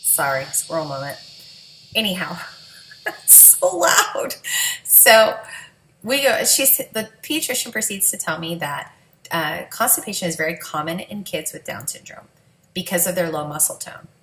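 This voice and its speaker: A woman's voice: on the low side, lively intonation, moderate pace, sharp tone, echoey room, slight background noise, poor audio. A woman, a mother, telling her family's story in a candid, emotional, conversational vlog.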